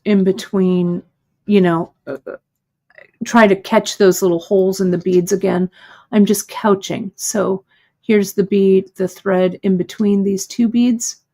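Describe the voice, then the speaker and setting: Female host for a live hands-on lesson: measured, leisurely delivery, warm checking-in with viewers. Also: medium pitch, fairly even intonation. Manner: patient, step-by-step, checks in with "okay?". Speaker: host demonstrating bead embroidery. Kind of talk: live craft tutorial.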